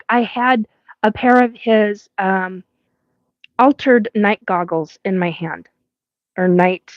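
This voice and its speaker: Woman, live-stream host, rambling storytelling, unhurried delivery, slightly dull lo-fi sound. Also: medium pitch, no echo. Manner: rambling, swears, laughs often. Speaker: host of a live paranormal show.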